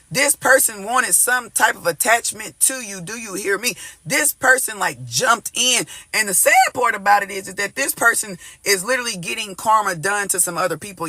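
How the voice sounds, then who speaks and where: A man gives a casual tarot reading in a high, bright voice. He is animated and emphatic, peppers every line with "y'all" and bursts into snatches of gospel song. The sound is dry and close, with no room echo. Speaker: tarot reader.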